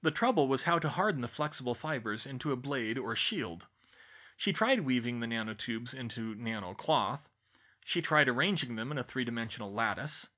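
A man reading a fan fiction audiobook aloud in steady storytelling narration. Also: normal speed. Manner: steady storytelling, lively pitch. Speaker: audiobook reader.

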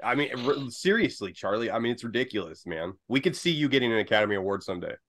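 A man's voice: medium pitch, animated, quick pace, a bit bright. Enthusiastic slangy male podcast host. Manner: enthusiastic, slangy, says dude and man. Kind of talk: casual interview chat.

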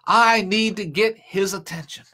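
A man's voice: sits high, unhurried, pushed and bright. A man preaching a sermon and retelling a scripture story with dramatic, emphatic delivery. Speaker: pastor.

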